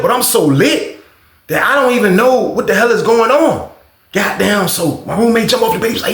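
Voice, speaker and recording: A man with a fairly high, gravelly voice tells a story in a casual vlog. He is profane and animated, and he acts out noises and other people's lines. His voice echoes around the room. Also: moderate pace. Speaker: storyteller recounting prison life.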